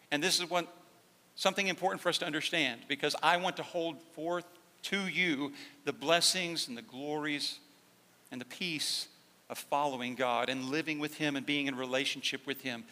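A man preaching a sermon as pastor, dropping to a hushed, slow emphasis and then rising to loud, fervent peaks. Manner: swings from hushed, slow emphasis to loud, high-pitched fervor. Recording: long hall reverb.

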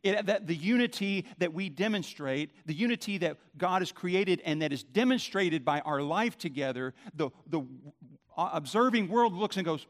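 A man's voice: high-pitched, lively intonation, normal speed. Emphatic man preaching a sermon. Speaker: pastor.

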